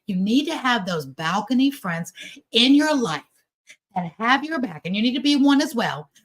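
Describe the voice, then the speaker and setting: A woman giving a chatty, animated motivational talk over a video call, acting out the voices of people she quotes. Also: a little high, moderate pace. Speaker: guest speaker at a business event.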